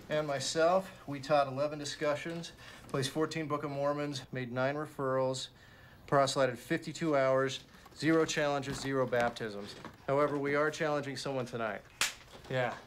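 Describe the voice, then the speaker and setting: A man's voice: on the high side, slight background noise, close to an everyday voice. An actor playing a young male missionary, easygoing and level-headed, in film dialogue. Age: young adult.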